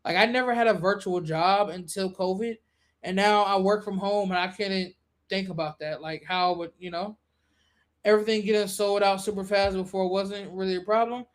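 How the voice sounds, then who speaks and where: Speaking at a moderate pace, this live-stream podcast host keeps things casual with slang and swearing. Every so often she launches into a high, animated rant.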